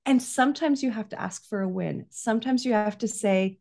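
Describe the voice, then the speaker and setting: This parenting coach has a mid-range, slightly dark, creaky voice and talks a little fast with hardly any pauses. Earnest in manner, she keeps tagging her conversational explanations with "right?"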